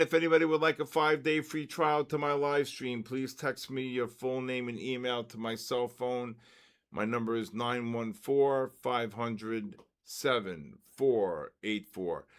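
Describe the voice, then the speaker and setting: A man hosting a trading live stream, calling out giveaway winners in a drawn-out, repetitive way. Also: mid-range voice, a bit bright, clean tone.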